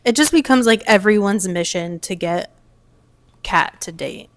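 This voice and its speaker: A woman's voice: mid-range voice, dry recording. Agreeable woman podcast co-host, dry sound. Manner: agreeable, quick to back up her co-host. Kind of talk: casual chat recapping a movie.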